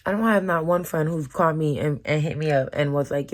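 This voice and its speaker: A woman's voice: deep voice, a little fast. A woman vlogger talking frankly and emotionally into the camera, with casual slang and swearing. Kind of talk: candid personal vlog talk.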